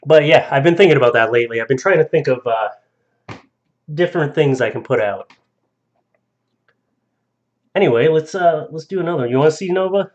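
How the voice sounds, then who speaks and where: A man's voice: fairly high pitch, a little fast, long pauses, darkish tone, muffled recording. A young man live streaming, who chats casually, reads viewer stories aloud, laughs often, and stumbles over names.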